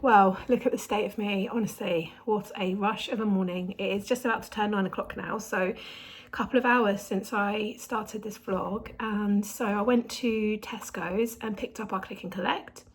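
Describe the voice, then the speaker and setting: Thirties woman, casual vlogger, husky and breathless, chatty. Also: mid-range voice, steady tone, normal speed, poor audio. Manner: chatty, rambling, self-deprecating. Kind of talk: casual vlog chat.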